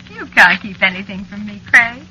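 A coy, jealous witch wife; teasing menace, bright and lively delivery, vintage radio drama with faint hiss. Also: mid-range voice, lo-fi sound, full character voice. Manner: teasing, coy, softly threatening. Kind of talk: old-time radio drama acting.

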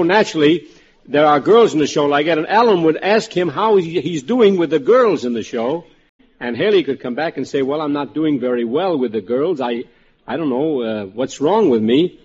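Chatty man laughing through joke pitches. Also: animated, moderate pace, darkish tone. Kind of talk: pitching jokes on a radio panel. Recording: muffled old radio broadcast with studio audience.

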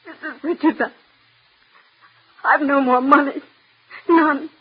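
An actress playing a desperate, tearful young aspiring actress in a 1940s radio drama, pleading with a breathless, emotional delivery. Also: female voice, high-pitched, steady tone, takes it slowly. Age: young adult. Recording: muffled old radio recording.

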